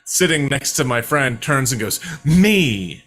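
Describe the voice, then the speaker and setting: A man's voice: medium pitch, moderate pace, pushed and bright, soft background music. A man co-hosting a podcast, telling a long, rambling story full of fillers in casual chat. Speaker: podcast co-host.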